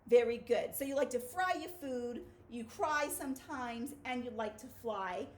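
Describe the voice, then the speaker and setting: A woman's voice: a little high, unhurried. A woman teacher giving a children's phonics video lesson in an upbeat, playful way.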